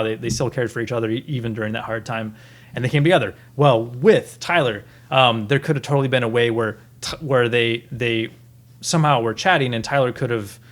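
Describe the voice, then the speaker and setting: A man in his thirties co-hosting a podcast, chatting casually and earnestly, with many restarts and fillers. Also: medium pitch. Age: 30s. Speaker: podcast co-host. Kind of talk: casual review chat.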